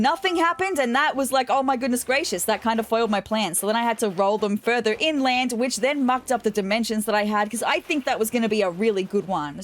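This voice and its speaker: A young woman hosting a let's-play, narrating her game day in a chatty, playful way. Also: on the high side. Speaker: gaming channel host.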